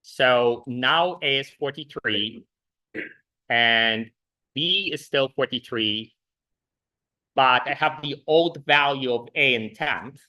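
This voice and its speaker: A man's voice: mid-range voice, slow pace. A man lecturing a university programming class, talking loosely with many "uh"s and restarts. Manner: relaxed, many fillers and restarts. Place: lecture hall.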